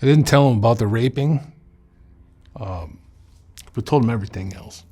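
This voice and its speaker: A man recounts his own past in a sit-down interview, blunt and unfiltered, swearing freely. His voice is husky, with a slightly low, everyday pitch. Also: moderate pace, dark tone. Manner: blunt, profane, candid storytelling. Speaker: interview guest. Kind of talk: personal life story in a sit-down interview.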